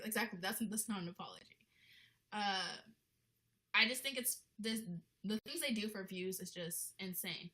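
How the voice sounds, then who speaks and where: A woman's voice: mid-range voice, moderate pace, sharp tone, low-quality recording. A young woman ranting in a casual vlog, blunt and indignant, with lots of "like" in her talk. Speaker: vlogger.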